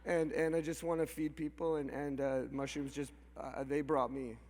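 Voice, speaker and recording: Speaking at a moderate pace in a slightly high, level, darkish voice, a mushroom farmer from Canada addresses a crowd in a big hall. His speech is emotional and unscripted, full of restarts and small laughs, and the recording carries long reverb.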